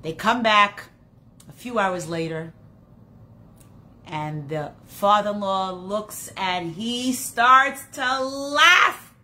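A woman teaching a Torah class in an animated storytelling style, acting out the characters in her stories. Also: fairly high pitch.

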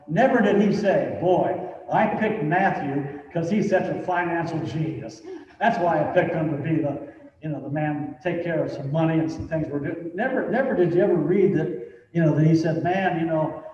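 High-voiced pastor preaching in an echoey hall. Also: male voice, a little mellow. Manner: conversational preaching, frequent "you know", rising to emphatic. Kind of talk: sermon. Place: church sanctuary. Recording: echoey church hall from far off, dull sound.

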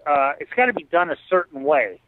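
Male guest, animated storyteller, slightly high voice, dry phone-like call audio. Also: a little fast. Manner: animated storyteller, acts out others' lines. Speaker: interview guest. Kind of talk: storytelling in a casual interview. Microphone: video call.

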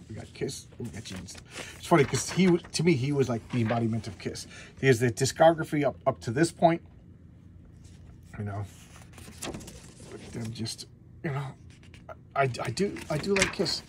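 Brief: laid-back male collector flipping through a back issue, mid-pitched, loose and rambling, faint hiss behind. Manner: rambling, many restarts and fillers. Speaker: comic book collector vlogger. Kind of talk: casual comic review chat.

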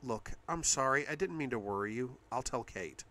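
A man's voice: mid-range voice, animated, normal speed, sharp tone. A man voicing a playful teasing young woman.

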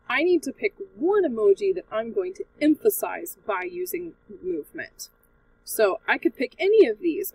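Woman teacher, high and animated, patient step-by-step explainer for children. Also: gravelly, distant mic, low-quality recording. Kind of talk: screen-recorded tutorial for children.

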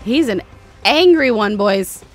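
A young woman narrating her first run through a game, with a lively voice that climbs high when she panics. She talks in a playful, chatty way and yelps whenever an enemy catches her off guard. Faint music plays underneath. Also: takes it slowly. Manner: excitable, shrieks and panics during fights. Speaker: gaming streamer. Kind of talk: let's play commentary.

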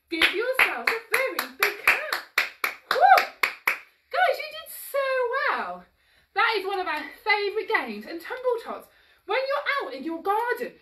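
A woman's voice: extremely high pitch, sharp tone. A woman leading a children's exercise class, sing-song and encouraging, moving as she talks and a bit out of breath. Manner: upbeat, sing-song and encouraging, coaxing little ones along. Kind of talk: live-streamed toddler action-song class. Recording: roomy echo, voice from a distance.

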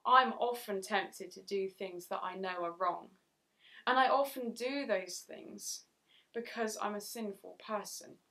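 A woman giving a Bible story talk for children at church, speaking clearly and often asking her young listeners questions. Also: medium pitch, unhurried, sharp tone.

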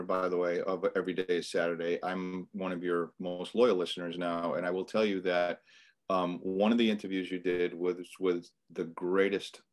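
Middle-aged man, Boston accent, deep voice, earnest motivational guest on a podcast. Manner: earnest and motivational, with frequent restarts. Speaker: financial coach guest. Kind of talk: casual podcast interview.

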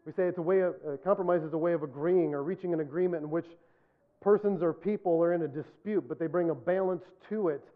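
High-voiced pastor preaching, tinny sound. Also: male voice, fast. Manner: earnest, repetitive emphasis, self-deprecating humor. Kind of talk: sermon.

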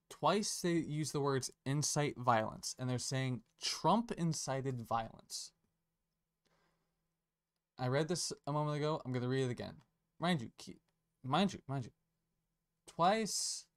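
Sarcastic ranting man, mid-pitched. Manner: sarcastic, profane, rambling with self-corrections. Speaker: online commentator. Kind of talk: casual commentary rant.

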